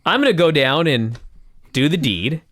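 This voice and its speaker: A man co-hosting a casual wrestling recap podcast, sarcastic and animated as he tells a long story. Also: fairly high pitch, moderate pace, no echo, clean studio sound. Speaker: podcast co-host.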